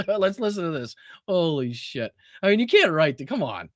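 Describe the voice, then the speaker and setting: A man's voice: fairly high pitch, very animated, moderate pace, fairly bright tone, dry recording. Guy hosting a podcast, dry close mic, reacting to clips all incredulous, cussing and laughing. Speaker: podcast host. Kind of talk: casual political commentary reacting to clips.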